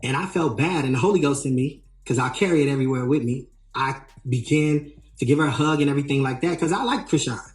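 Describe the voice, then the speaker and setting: A man working as a tour manager tells a story in an animated way, re-enacting what people said with emphatic rises. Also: mid-range voice, quick pace. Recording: roomy echo, faint music.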